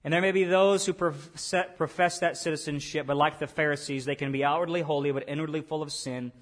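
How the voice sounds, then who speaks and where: Guy preaching a sermon, earnest, bit higher voice, keeps repeating lines. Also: steady tone, brisk. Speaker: pastor.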